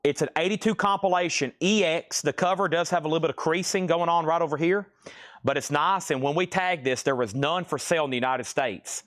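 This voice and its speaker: A man hosting a live-stream record auction, calling out items and prices briskly and often checking in with "okay?". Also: fairly high pitch, a bit bright.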